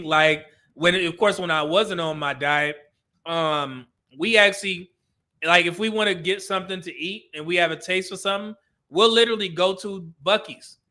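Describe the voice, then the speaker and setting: A man with a high, bright voice chats loosely on a live stream. He reacts to viewer comments as they come in and breaks into laughter often. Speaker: livestream host reading chat. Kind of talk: casual live-stream chat.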